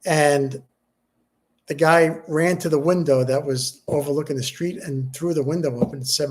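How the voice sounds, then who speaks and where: A middle-aged man, grieving and subdued, talking haltingly in a personal vlog, with many restarts and fillers. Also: fairly high pitch. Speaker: vlogger.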